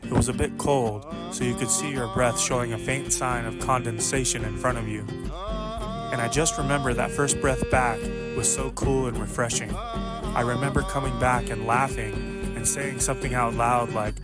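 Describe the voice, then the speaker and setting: A man telling a personal story as narrator, in a slow, earnest and measured way. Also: mid-range voice, steady tone, over loud music.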